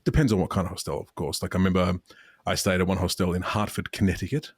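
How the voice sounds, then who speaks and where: A man's voice: deep voice, fairly even intonation, fast, husky, dry recording, studio quality. An Australian man hosting a podcast, chatting casually in a rambling way and often restarting his sentences. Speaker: podcast host. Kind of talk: casual banter.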